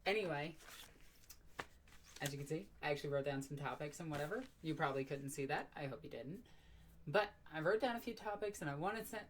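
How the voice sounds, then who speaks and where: A woman with a low-pitched voice hosts her own live stream from home at her computer. She rambles loosely, mocks herself, and swears without a second thought. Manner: rambling, self-mocking, swears freely. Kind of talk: casual live stream chat.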